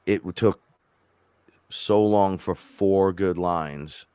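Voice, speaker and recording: Deep-voiced man telling rambling stories. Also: slow pace, clear, resonant tone, dry recording. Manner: rambling, animated storytelling with self-quotes. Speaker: rapper and podcast co-host. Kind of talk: casual chat.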